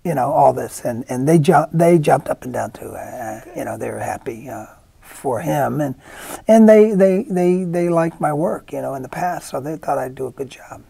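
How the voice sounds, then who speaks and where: A man's voice: on the high side, animated, normal speed, gravelly, mellow, slightly rough, dry recording. A middle-aged male actor in a casual interview, rambling through anecdotes with many restarts and acted-out quotes. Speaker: actor guest.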